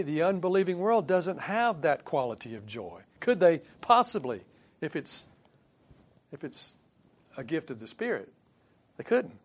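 A man preaching a sermon in a conversational way, putting questions to his congregation and swinging from quiet asides to emphatic points. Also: a little high. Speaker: pastor.

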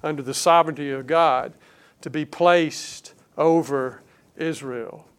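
A man preaching a sermon, earnest and emphatic, leaning hard on key words and slowing down to stress them. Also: on the high side, steady tone, clean tone. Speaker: pastor.

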